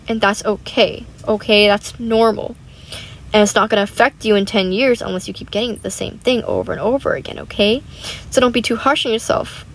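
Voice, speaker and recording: A teenage girl chatting casually and rambling animatedly while she plays a game. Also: on the high side. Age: teens. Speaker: gaming YouTuber. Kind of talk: casual chat while gaming.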